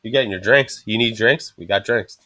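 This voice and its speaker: Profane, animated man telling bar stories. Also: fairly low pitch, fairly quick, no room sound. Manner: swears constantly, animated storyteller acting out quotes. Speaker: podcast host. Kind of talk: casual chat.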